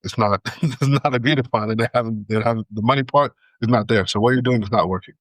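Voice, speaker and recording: A man's voice: medium pitch, quick pace, fairly bright tone, no room sound. A man co-hosting a podcast, giving blunt, wry reactions in casual chat. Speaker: podcast co-host.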